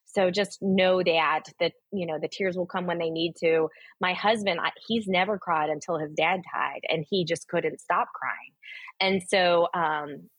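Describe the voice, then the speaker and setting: Husky-voiced woman telling stories earnestly. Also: fairly low pitch, fairly even intonation, a little slow, no room sound. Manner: earnest, emphatic storytelling with fillers. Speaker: guest author. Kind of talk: candid podcast conversation.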